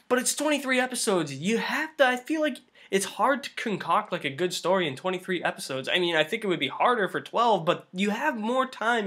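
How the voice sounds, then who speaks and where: A man's voice: sits high, a bit bright. A man giving a casual, rambling review of a TV season, full of fillers. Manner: rambling, filler-heavy, lots of "like". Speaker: show reviewer.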